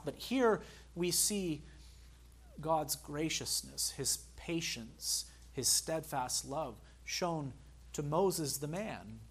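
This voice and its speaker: A man preaching a sermon as pastor, earnest, slowing down to stress key phrases and speaking directly to the congregation. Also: a little high, fairly bright tone, slightly rough.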